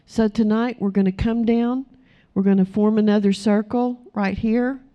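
A woman's voice: mid-range voice, fairly even intonation, moderate pace, lo-fi sound. A woman preaching an earnest sermon to her congregation, urging them and acting out short prayers as she speaks. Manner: earnest, exhorting, acts out quoted prayers.

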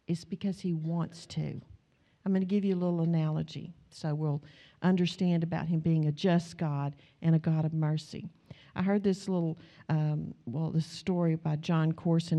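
An older woman, preaching a sermon and telling a lively story in which she acts out the voices of her family. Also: fairly low pitch. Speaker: pastor.

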